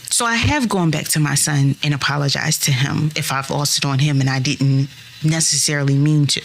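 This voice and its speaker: A woman in her thirties talks straight to her listeners in a solo podcast, earnest and reassuring. Her voice sits a little low for a woman. Faint ambient noise hums behind her. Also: brisk. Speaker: podcast host.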